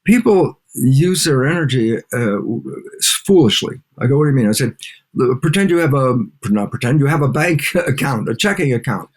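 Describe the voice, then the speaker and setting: Older male lecturer, animated, plays out dialogues mid-answer. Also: mid-range voice, moderate pace. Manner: animated, acts out back-and-forth dialogues. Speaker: guest scientist and lecturer. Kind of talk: interview conversation.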